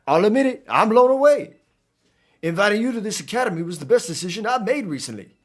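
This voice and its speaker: A man voicing an eager, flattering male academy director in an attempted Creole drawl while reading game dialogue aloud. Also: medium pitch, a little fast.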